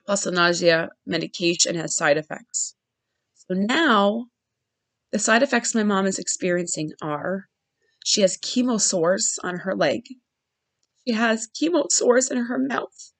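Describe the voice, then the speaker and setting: A woman's voice: medium pitch, lively intonation, unhurried, fairly bright tone, no echo, rough recording. A woman hosting a podcast, sharing a personal story in an earnest, heartfelt way with frequent restarts. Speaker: podcast host.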